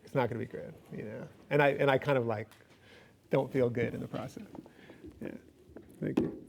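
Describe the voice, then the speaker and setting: A man's voice: medium pitch, gravelly, darkish tone, slight background noise. A man speaking as a guest author, answering questions in a loose, rambling way with frequent laughs and fillers. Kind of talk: casual Q&A answers.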